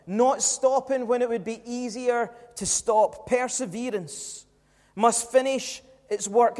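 A man preaching with a strikingly high voice, leaning hard on his points and throwing rhetorical questions at the congregation. His words ring out with a long reverb from a church hall. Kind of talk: sermon.

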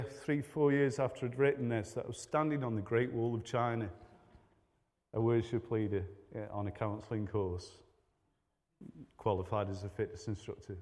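A man's voice: medium pitch, a little mellow. A man preaching a sermon, earnest and building to fervent emphasis. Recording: long hall reverb.

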